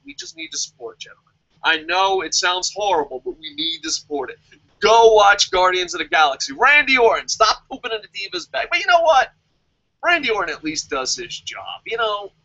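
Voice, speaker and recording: A man's voice: high-pitched, pushed and bright, muffled recording. A man giving a casual, profane, joking rant as a show reviewer and reading viewer comments aloud. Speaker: wrestling review vlogger.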